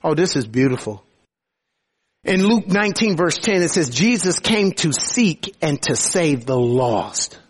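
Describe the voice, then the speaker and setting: A man preaching a sermon, expressive, lifting his voice for emphasis and slowing down on quoted verses. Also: fairly high pitch, slightly rough.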